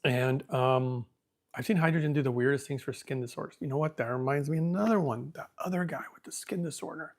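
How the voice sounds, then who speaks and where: A man's voice: mid-range voice, fairly quick. Rambling male podcast host storytelling. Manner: rambling, thinks out loud, becomes emotional. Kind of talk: casual storytelling monologue.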